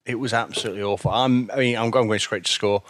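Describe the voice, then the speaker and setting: A man's voice: fairly low pitch, fast talker, a bit bright, dry recording, clean studio sound. A man co-hosting a casual cartoon review chat, blunt and rambling, often repeating his words. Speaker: podcast co-host reviewing cartoons.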